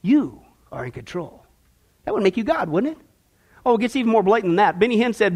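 High-voiced sarcastic male preacher. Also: sing-song, fairly quick, a little mellow. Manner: sarcastic, emphatic, addresses listeners as folks. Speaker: prophecy preacher. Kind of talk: sermon-style Bible teaching.

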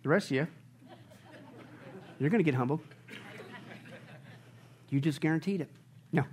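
A man preaching a sermon as pastor, asking the congregation questions and shouting with joy at high points. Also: normal speed, some chatter behind, a little hiss or hum. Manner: animated preaching, shouting and laughing at peaks.

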